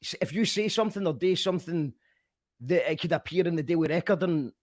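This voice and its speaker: A man hosting a casual chat, reading out viewer comments and giving shout-outs in an easygoing way. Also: a little high, animated, fast, no room sound, clean studio sound. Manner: easygoing, gives shout-outs, repeats words while thinking. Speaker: host.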